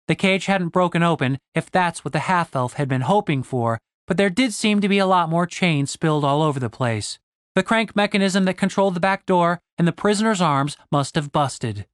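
A man reading a fantasy novel aloud in a steady storytelling voice. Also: a little high, moderate pace, no echo, studio quality. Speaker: audiobook narrator. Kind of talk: scripted fantasy narration.

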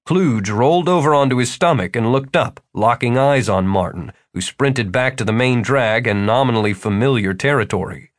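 Male audiobook narrator, steady storytelling. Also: medium pitch, normal speed, hardly any pauses, no echo, studio quality. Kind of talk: scripted fantasy narration.

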